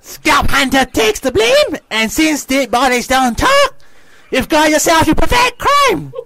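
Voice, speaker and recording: A man voicing a loud, smug male villain styled as an eighties rock star, reading a script aloud. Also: very high-pitched, very animated, measured pace, vocal fry, no echo, clean studio sound, heavily acted. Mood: sneering.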